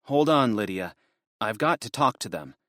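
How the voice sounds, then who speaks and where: A man's voice: on the low side, expressive, moderate pace, a bit bright, no room sound, clean studio sound. A man voicing an anxious young man who pleads and pushes to get where he is going. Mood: urgent, pleading. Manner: earnest, urgent.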